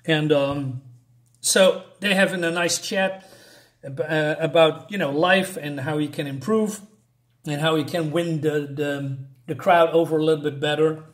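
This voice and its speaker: Halting man rambling through a comic review. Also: a little high, fairly even intonation. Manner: halting, rambling, many fillers.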